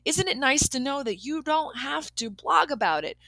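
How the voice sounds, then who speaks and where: A woman's voice: high-pitched, animated, normal speed, sharp tone, no room sound, faint music behind. A woman hosting a podcast, talking through a personal story in an earnest, emotional way and laughing often. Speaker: podcast host. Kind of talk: reflective personal monologue.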